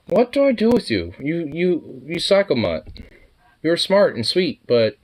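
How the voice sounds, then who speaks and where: A man talking to his dog on camera in teasing baby talk, laughing and swearing, dropping to low mutters and jumping up to high squeals. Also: wildly swooping pitch, slow, pauses often. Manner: laughs often, swears casually. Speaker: dog owner filming his husky. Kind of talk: casual talk to a pet on camera.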